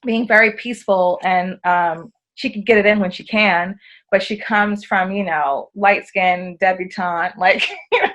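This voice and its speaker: A woman's voice: mid-range voice, a little slow. An American woman, a podcast guest, chatting casually and acting out quoted dialogue as she tells her stories. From United States. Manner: animated, acts out quoted dialogue. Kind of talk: casual conversational storytelling.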